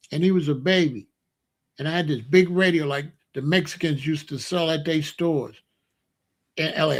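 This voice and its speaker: High-voiced man telling stories animatedly. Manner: animated, folksy storytelling with loud exclamations. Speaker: online show host. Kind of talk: casual storytelling monologue.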